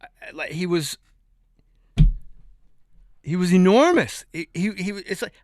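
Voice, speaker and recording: A man guesting on a podcast, telling comic stories in an animated, profane way, acting out quotes with sudden shouts. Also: sits high, unhurried, no room sound, studio quality. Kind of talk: comic storytelling in a podcast interview.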